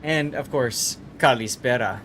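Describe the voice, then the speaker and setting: A man's voice: mid-range voice, measured pace, fairly bright tone, a little hiss or hum. A man streaming a naval battle game, chatting casually with viewers, laughing often and repeating his words.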